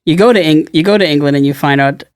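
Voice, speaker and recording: A man's voice: on the high side, fast talker, clean tone, no room sound, studio quality. A man co-hosting a podcast, musing in casual chat and often searching for words. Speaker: podcast co-host.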